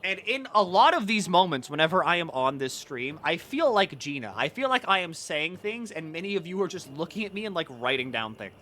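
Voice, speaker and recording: A man's voice: fairly high pitch, very animated, a little fast, few pauses, bright, forceful tone. A young man streaming, chatting casually and rambling in jokes with many filler words.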